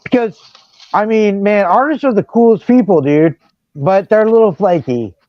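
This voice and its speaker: A man from Seattle chatting casually on a video call, telling animated, slangy stories. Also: high voice, normal speed, no echo, dull audio. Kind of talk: casual chat.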